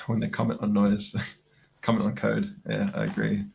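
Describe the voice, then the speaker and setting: A man co-streaming a coding session, relaxed and laughing often as he reads chat. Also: fairly low pitch, normal speed, gravelly. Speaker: co-streaming guest programmer.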